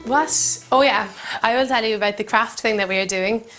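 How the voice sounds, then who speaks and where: A woman comedian with a Cork accent hosting a comedy cooking show, telling rambling deadpan stories with giggles in between. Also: on the high side, moderate pace, faint music behind. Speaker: comedian host. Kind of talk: deadpan comic monologue. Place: country kitchen.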